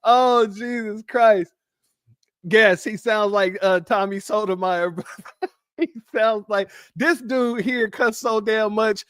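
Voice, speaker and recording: A high-voiced man giving teasing, laughing commentary to his online audience. His delivery is slow and drawn out, and the sound is dry and close. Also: fairly bright tone, clear, resonant tone, no room sound. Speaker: online show host. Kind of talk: mocking commentary.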